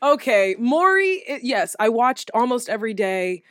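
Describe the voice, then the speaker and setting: A young woman co-hosts a chatty podcast in a fairly high voice, close and dry on the mic. She swears freely and acts out her own and others' lines with big jumps in pitch. Loose, lively conversation. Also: moderate pace, no room sound. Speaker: podcast co-host. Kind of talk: casual podcast chat.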